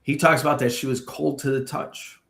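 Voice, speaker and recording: Animated man telling ghost stories. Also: medium pitch, moderate pace, creaky, echoey room. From Chicago area. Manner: animated storyteller with many asides. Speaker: paranormal tour guide, guest. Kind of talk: ghost-story telling on a podcast.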